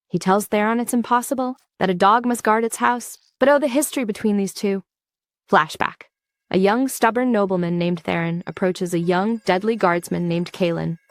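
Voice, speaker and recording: A woman's voice: mid-range voice, no echo. Campy sarcastic woman narrating a recap. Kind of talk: scripted narration.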